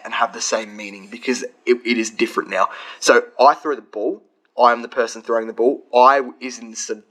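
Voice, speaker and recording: A man's voice: medium pitch, fairly bright tone, low-quality recording. Chatty young man explaining grammar. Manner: chatty, rambling explanations with frequent restarts and fillers. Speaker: language learner explaining his notes. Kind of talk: casual explanatory lesson.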